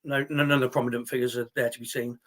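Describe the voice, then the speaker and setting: A man's voice: medium pitch, little pitch movement, fast. A man hosting a live stream, answering viewer chat in heated, indignant talk with plenty of swearing. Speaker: livestream host reading viewer chat.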